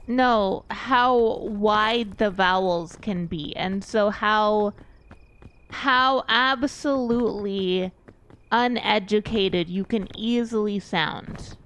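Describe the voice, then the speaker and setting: Slow, rambling woman from East Texas. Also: medium pitch, fairly bright tone, clean tone. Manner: rambling, thinks aloud with frequent pauses. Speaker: streamer. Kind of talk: casual stream chat.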